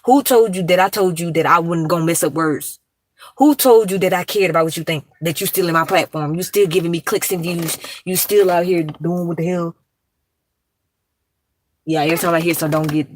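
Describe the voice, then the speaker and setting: A woman live-streaming from her car, talking fast and bluntly in slangy casual chat. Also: low voice. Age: adult, grown.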